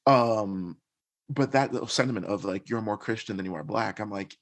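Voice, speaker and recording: A man with a fairly low voice speaks as a podcast guest. He tells his own experiences in an earnest, reflective way, thinking aloud as he goes. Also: fairly quick. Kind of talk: conversational storytelling.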